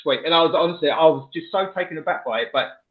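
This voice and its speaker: A man hosting a radio show, telling a story in an animated, laughing way with plenty of restarts. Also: on the high side, fast. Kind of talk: casual radio banter. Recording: muffled lo-fi audio.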